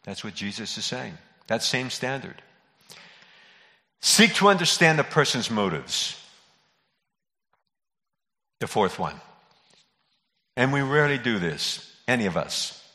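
A man's voice: mid-range voice, big pitch swings, takes it slowly, long pauses, pushed and bright, in a large hall. A man preaching a sermon in an earnest way, repeating key phrases for emphasis. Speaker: pastor.

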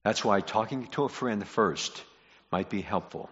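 A man preaching a sermon, moving from quiet, low-voiced reflection to loud, emphatic repetition of key lines. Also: a little slow. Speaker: pastor. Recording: muffled sound in a reverberant hall.

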